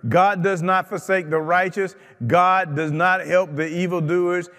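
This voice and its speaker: Pastor, male, slightly high voice, slow deliberate fervent delivery, church reverb. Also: steady tone, fairly bright tone, clean tone. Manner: fervent preaching with repeated phrases. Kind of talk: sermon. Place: church sanctuary.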